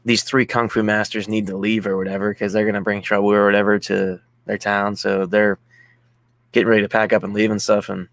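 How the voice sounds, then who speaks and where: Male co-host, casual streamer, lively scene recaps, dry close mic. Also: on the low side, brisk, dry recording. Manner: animated retelling, laughs often. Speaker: podcast co-host. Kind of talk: casual movie chat on a stream.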